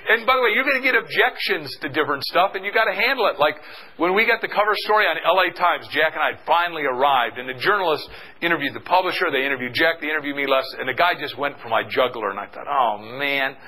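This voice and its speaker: Energetic bright-voiced male seminar speaker. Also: fairly high pitch, quick pace, poor audio. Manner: energetic, call-and-response with the audience. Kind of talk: motivational seminar talk.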